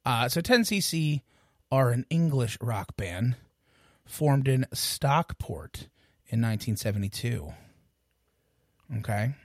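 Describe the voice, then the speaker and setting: A man's voice: medium pitch, sing-song, takes it slowly, long pauses, dry recording. A man co-hosts a music podcast, chatting loosely and cracking jokes at his own expense. His voice sits in an ordinary middle range. The sound is dry and close, with no room behind it. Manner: joking, rambling, self-deprecating. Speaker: podcast co-host. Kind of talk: casual podcast chat.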